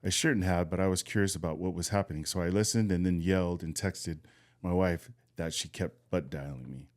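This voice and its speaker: A man with a very deep, low voice co-hosts a casual podcast. He reads a listener's story aloud in a relaxed way and laughs easily. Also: fairly quick. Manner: laughs often, feigns not remembering. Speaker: podcast co-host.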